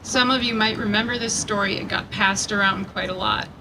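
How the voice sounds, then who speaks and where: A woman's voice: medium pitch, steady tone, fairly quick. Distant woman giving an earnest speech. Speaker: rally speaker. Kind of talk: prepared speech read aloud. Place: outdoor rally. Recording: distant mic with background noise.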